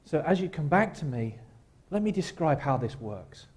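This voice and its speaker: A man, a guest speaker at a church, leading a slow guided reflection with a wry, gentle humor. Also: a little high, big pitch swings. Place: church sanctuary.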